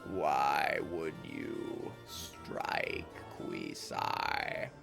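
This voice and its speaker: A man voicing a ponderous, stone-skinned male monk who speaks slowly in the third person with a deep grinding rumble. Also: sing-song, gravelly, over music, exaggerated voice. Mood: stern. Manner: slow, halting, speaks of himself in third person. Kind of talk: reading game dialogue aloud.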